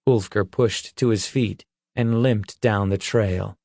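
Slow, steady male audiobook narrator. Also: lowish voice, vocal fry, dry recording, clean studio sound. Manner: steady, measured storytelling. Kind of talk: scripted fantasy narration.

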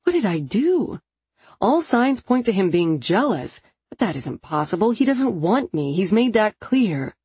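A woman narrating a first-person romance novel in an intimate, expressive storytelling manner. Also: mid-range voice, husky, dry recording. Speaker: audiobook narrator.

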